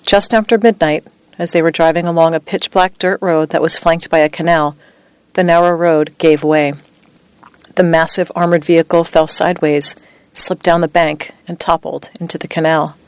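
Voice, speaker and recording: A woman reading a true story as scripted narration, with a measured, even delivery. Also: sits low, clean tone, no room sound.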